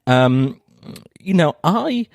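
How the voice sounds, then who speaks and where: A young man co-hosting a comedy podcast, teasing his partner with quick jokey interjections. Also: fairly high pitch, very animated, creaky, no echo, clean studio sound. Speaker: podcast co-host. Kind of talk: casual comedic chat.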